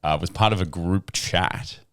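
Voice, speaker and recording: A man, co-hosting a podcast in casual chat, teasing and reacting with quick affirmations. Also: low voice, a bit bright, no room sound, clean studio sound. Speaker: podcast co-host.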